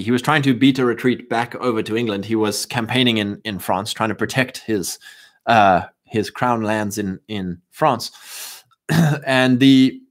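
A man's voice: medium pitch, fairly bright tone. South african guy ranting to his stream, kinda preachy, stops and restarts a lot, bit of a cough left over. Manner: fervent, rambling, many restarts. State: lingering cough. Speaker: livestream host. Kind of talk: casual preachy monologue.

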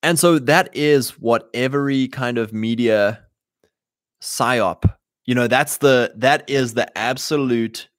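A man hosting a livestream in a mid-pitched voice, thinking aloud with frequent restarts and fillers. The sound is dry and close, with no room echo. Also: takes it slowly. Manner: rambling, many fillers and restarts. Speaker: show host. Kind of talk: casual livestream monologue.

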